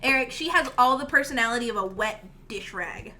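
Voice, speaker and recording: A woman's voice: fairly high pitch, expressive, fairly quick, bright, forceful tone. A woman co-hosting a casual book club podcast, sarcastic, reading passages aloud and mocking them. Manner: sarcastic, reads quotes aloud. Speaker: podcast co-host.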